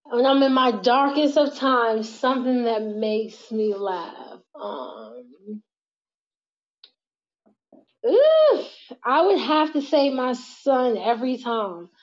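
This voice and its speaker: A woman's voice: a little high, big pitch swings, takes it slowly. A young woman being interviewed as a guest, talking candidly, laughing often and swearing casually. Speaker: guest, model and mother. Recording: muffled, lo-fi audio.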